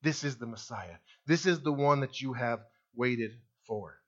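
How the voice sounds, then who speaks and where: A man's voice: medium pitch, unhurried, a bit bright, lo-fi sound. A male pastor preaching a sermon, emphatic and full of rhetorical questions put to the congregation.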